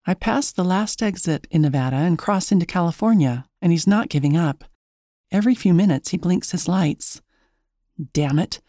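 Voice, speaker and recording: A woman tells a first-person story in a chatty, wry way and pokes fun at herself. Her tone is mellow and soft-edged. The sound is dry and close. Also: lowish voice, lively intonation, normal speed, no room sound. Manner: chatty, wry, self-mocking. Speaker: narrator.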